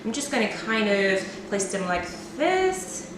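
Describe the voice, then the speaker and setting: A woman's voice: medium pitch, big pitch swings, measured pace, noisy background. A woman hosting a home cooking video, chatting playfully and poking fun at herself as she decorates a cake. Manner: chatty and playful, self-deprecating. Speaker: cooking vlogger. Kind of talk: casual cooking demo chat. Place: home kitchen. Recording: echoey kitchen, mic at a distance.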